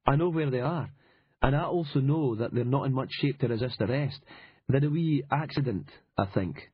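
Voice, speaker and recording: A cagey, hesitant caller with a Glasgow accent, as a male narrator puts him on, slightly husky and a touch higher than the reader's own voice. He talks evasively over the line in an audiobook with a dull, dry sound. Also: normal speed, no echo, close to an everyday voice. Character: cagey anonymous male caller, young-ish man.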